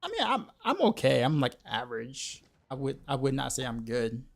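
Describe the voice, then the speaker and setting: A man's voice: mid-range voice, very animated, moderate pace, gravelly. A man streaming a game, chatting casually and rambling with lots of filler words. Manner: rambling, many "like" fillers and repeats. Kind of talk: casual livestream chat while gaming.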